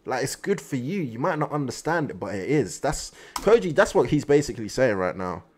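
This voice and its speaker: A man hosting an anime reaction video, talking in an excitable, slangy way straight to his viewers. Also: medium pitch, fairly quick, slight background noise. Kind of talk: casual reaction commentary.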